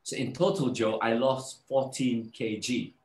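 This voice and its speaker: A man guest telling a personal story in a casual live talk, animated and acting out the voices of people he describes. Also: mid-range voice, measured pace, reverberant.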